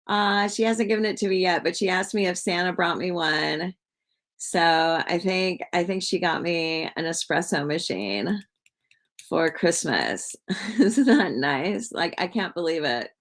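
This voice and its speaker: A woman's voice: mid-range voice, fairly bright tone. A woman hosting a casual livestream, talking to viewers in a rambling way with many fillers and repeated words. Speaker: livestream host.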